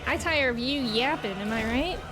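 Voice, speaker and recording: High-pitched woman streamer, slangy and jokey, loud game music behind. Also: moderate pace. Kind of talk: casual gameplay commentary.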